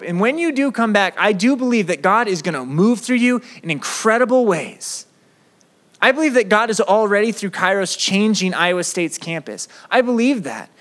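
High-voiced, animated campus preacher man. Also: moderate pace. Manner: animated, acts out prayers in quoted voices. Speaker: campus pastor. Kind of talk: sermon. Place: campus ministry room.

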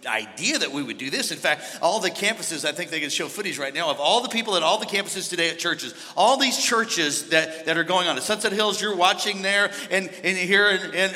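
A man preaching a sermon as pastor, moving between hushed storytelling and shouted exhortation. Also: sits high, animated, fairly quick, few pauses, big-room sound. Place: large church.

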